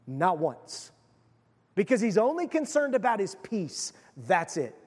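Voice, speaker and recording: Man preaching, high voice, chatty storytelling, long hall reverb. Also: big pitch swings, measured pace, darkish tone, slightly rough. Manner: conversational, retells the story with asides. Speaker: pastor. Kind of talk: sermon.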